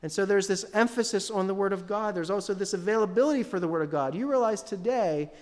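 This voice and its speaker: High-voiced man preaching in a reverberant church. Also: quick pace. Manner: conversational, asks the congregation questions. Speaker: pastor. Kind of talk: sermon. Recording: long hall reverb.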